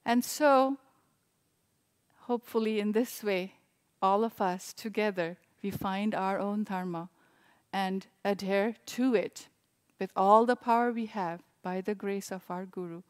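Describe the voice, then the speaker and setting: Woman, mid-pitched, soft reflective sermon delivery, warm and unhurried. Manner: gentle, reflective, with frequent restarts. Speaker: service leader.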